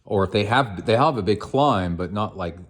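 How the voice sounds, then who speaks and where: Speaking at a normal speed, the man's voice runs on the low side and sounds animated as he hosts an endurance sports podcast on the go. His casual chat wanders, full of ums, uhs and other fillers.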